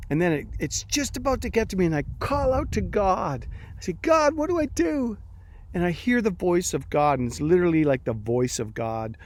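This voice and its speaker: Animated man telling a dream story. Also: on the high side. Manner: animated storyteller acting out his own reactions. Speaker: pastor. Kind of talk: personal story in a devotional talk.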